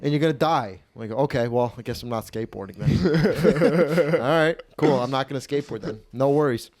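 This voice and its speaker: This man in his twenties hosts a podcast, his mid-range, darkish voice moving at normal speed with no room sound. His casual storytelling rambles and swears freely, and he performs the quoted voices of the characters.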